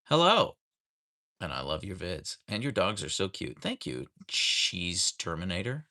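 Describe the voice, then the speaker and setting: A man's voice: deep voice, huge pitch swings, a little slow, sharp tone. A man hosting a casual livestream from home, greeting viewers by name and reading their comments aloud. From United States. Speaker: livestream host reading chat. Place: home, rainy day. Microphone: camera on a tripod.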